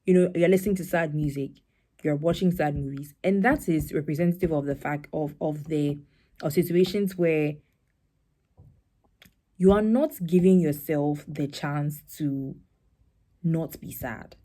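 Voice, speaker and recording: A woman's voice: measured pace, mellow. Reflective young woman poet. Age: young adult. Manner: reflective, conversational, acts out quoted voices in a higher tone. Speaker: spoken word poet. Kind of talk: explaining her poem to a live audience.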